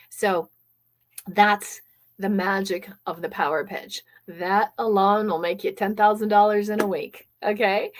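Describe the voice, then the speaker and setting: A woman hosting a live online business workshop as a coach. She talks with lots of energy, fills her speech with "um," and keeps checking in with "okay?". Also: mid-range voice. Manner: energetic, many fillers and "okay?" check-ins; reads and answers live chat comments.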